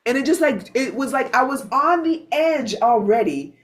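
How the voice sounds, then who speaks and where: A woman hosting a spiritual gathering, telling stories in a casual, animated way, with frequent restarts and some swearing. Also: high voice, moderate pace, hardly any pauses. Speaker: satsang host.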